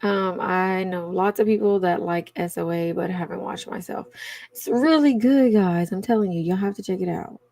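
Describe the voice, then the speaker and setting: A woman's voice: fairly low pitch, moderate pace, vocal fry, warm tone, no room sound. Chatty Cajun woman hosting a live chat. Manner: chatty, laughs often, addresses viewers as y'all. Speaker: livestream host. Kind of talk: casual live chat with viewers.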